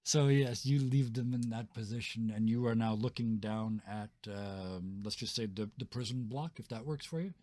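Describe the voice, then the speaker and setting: A man running a tabletop game as game master, describing scenes in a relaxed, chuckling way with many fillers. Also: fairly low pitch, normal speed, hardly any pauses, no echo. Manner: laid-back, chuckling, filler-heavy.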